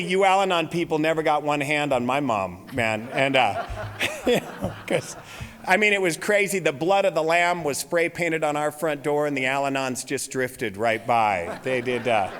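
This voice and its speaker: In a large convention hall, a man in his forties speaks at a recovery meeting, telling comic stories and laughing at his own lines. His voice is mid-range with a fairly bright tone, and the recording carries the hall's reverb.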